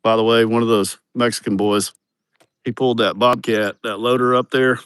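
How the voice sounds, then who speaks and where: A man's voice: mid-range voice, steady tone, normal speed, fairly bright tone, clean tone, no room sound, clean studio sound. A man, giving a crude, joking, rambling livestream tour of his farm, outdoors on a phone camera. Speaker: vlogger showing his farm. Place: outdoors on rural farmland.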